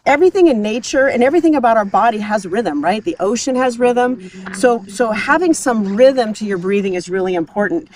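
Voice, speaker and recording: A woman's voice: a little high, animated, brisk, a little mellow. Upbeat woman explaining health outdoors. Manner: explanatory, upbeat, laughs easily. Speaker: host. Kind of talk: casual health talk on a hike. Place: outdoors on a hike.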